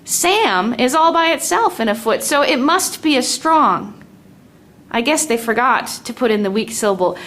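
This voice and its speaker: A woman teaching a lesson on poetic meter, speaking slowly and deliberately and tapping out the stressed and weak beats aloud. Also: fairly high pitch, a bit bright.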